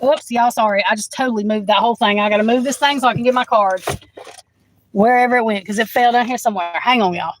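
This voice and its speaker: A woman's voice: on the high side, fast talker, slight background noise, poor audio. A woman doing a live tarot reading into her phone, chatting frankly, swearing and laughing often as she talks to the viewer. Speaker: tarot reader.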